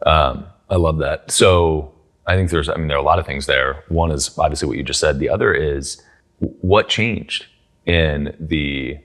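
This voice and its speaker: Male podcast host, very deep voice, encouraging and brief. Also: normal speed, fairly bright tone. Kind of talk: interview.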